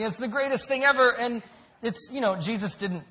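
A man's voice: high-pitched, lively intonation, a little fast, very noisy. A man preaching a sermon, earnest and emphatic, often repeating his words and phrases. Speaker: pastor. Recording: dull, lo-fi recording.

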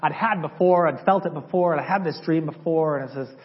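Man, church testimony, conversational storytelling, fairly high voice, slightly dull lo-fi recording. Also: a little fast. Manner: conversational, acts out dialogue from memory. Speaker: church speaker sharing his testimony.

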